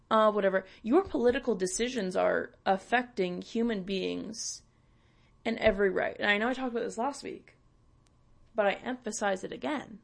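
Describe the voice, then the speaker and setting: A woman's voice: mid-range voice, vocal fry. A young woman from Canada, hosting and ranting bluntly with swearing and sarcasm. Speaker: podcast host. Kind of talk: ranting monologue.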